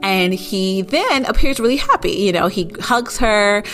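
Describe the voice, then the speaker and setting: A woman's voice: medium pitch, lively intonation, a little slow, a bit bright, faint music behind. A woman casually recapping an episode, rambling with lots of "like" and "you know" and getting indignant at outrageous moments. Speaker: show recapper.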